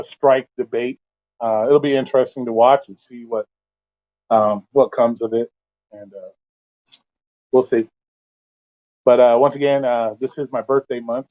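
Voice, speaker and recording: A man talks straight into his stream, ranting bluntly and cursing often. His tone is exasperated and lecturing, at a mid pitch. The audio sounds somewhat dull and lo-fi. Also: darkish tone. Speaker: livestream host. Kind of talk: casual livestream rant.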